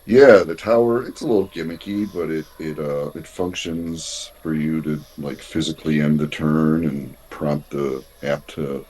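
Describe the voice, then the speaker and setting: A man's voice: a bass voice, measured pace, hardly any pauses, a little mellow, slightly rough. A man chatting as a player in a tabletop game, thinking aloud. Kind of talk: casual chat at a game table.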